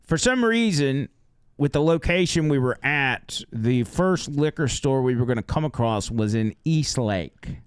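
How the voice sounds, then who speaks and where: A man who drives for a rideshare service tells a story on a podcast, animated and acting out the people in it. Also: mid-range voice, a little slow, clear, resonant tone, dry recording, studio quality. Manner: animated, acts out the characters.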